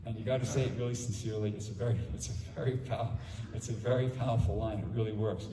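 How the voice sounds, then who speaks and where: A man's voice: fairly low pitch, fairly even intonation, quick pace, few pauses, mellow. A man giving an informal workshop talk, chatty and acting out his own conversations with people, heard from a distance. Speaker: workshop speaker. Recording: roomy hall, mic at a distance, faint noise.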